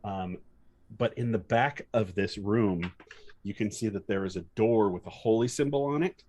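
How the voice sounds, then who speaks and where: A man narrating a tabletop game as game master, pausing often with fillers and restarts. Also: fairly low pitch, warm tone. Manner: hesitant, many fillers and restarts.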